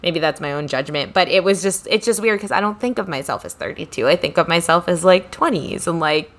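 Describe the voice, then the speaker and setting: A woman's voice: fairly low pitch, lively intonation, a little fast, fairly bright tone. A woman in her thirties co-hosting a podcast, telling stories in a chatty, laughing way. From Northeast US. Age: 30s. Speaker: podcast co-host. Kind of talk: casual chat.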